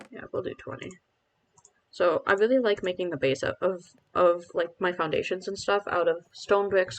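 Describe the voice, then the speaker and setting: A man's voice: high-pitched, a bit bright, a little hiss or hum, low-quality recording. Chatty self-mocking man streaming a game. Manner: rambling, self-deprecating, chatty with viewers. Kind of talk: casual live-stream commentary.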